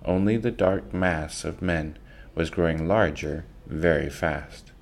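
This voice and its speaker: A man reading a children's book aloud in an unhurried way, with occasional slips and restarts. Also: low-pitched.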